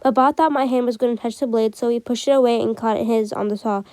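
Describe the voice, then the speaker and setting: Lady reading a sobbing little boy in a storybook, soft high-ish voice, dry sound. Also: steady tone, fast talker, dry recording, close to an everyday voice. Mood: upset. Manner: read plainly, barely changes voice. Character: young boy, sobbing and frightened.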